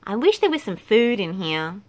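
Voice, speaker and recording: A woman voicing a loud, rowdy male monkey who shouts boisterously in a storybook reading. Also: medium pitch, very animated, moderate pace, natural voice. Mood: cheeky.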